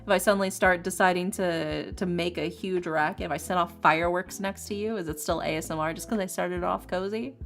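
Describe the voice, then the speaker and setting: A woman streamer and ASMR creator chatting casually with her viewers, animated and opinionated, laughing often. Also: fairly low pitch, a little fast, hardly any pauses. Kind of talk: casual chat on a livestream. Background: faint lofi music.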